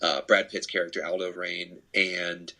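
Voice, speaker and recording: A man's voice: sits low, level tone, normal speed, vocal fry, pushed and bright, rough recording. A young man co-hosting a casual movie podcast, retelling a film plot in a rambling way with many fillers and restarts. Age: young adult. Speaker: podcast co-host.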